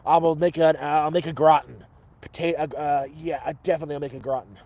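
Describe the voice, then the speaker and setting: A man's voice: a little high, steady tone, fast talker, a little mellow. A man hosting a live cooking stream from his camp, rambling cheerfully to viewers and swearing freely.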